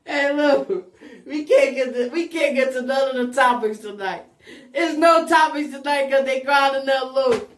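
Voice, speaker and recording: A woman hosting a rowdy call-in radio show, loud and repetitive, often shouting and laughing. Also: sits high, unhurried, hardly any pauses. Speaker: radio talk show host. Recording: echoey room.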